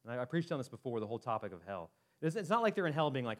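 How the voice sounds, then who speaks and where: A man preaching a sermon as pastor, animated and conversational, acting out quoted voices with frequent restarts. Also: medium pitch, racing.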